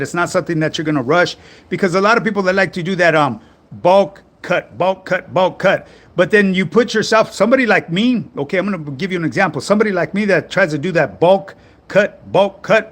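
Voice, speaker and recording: A man's voice: high-pitched, fairly bright tone. A middle-aged man, hosting a casual fitness livestream, reading viewer comments in a laid-back manner full of street slang. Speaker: fitness coach livestream host.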